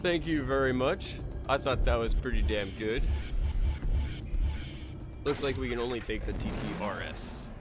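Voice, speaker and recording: A man's voice: mid-range voice, moderate pace, pauses often, music in the background. Sick man streaming a racing game. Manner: excitable, swears freely, cheers during races. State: sick, low on energy. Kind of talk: live gameplay commentary. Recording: noisy, with racing game sounds. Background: car engines and game sounds.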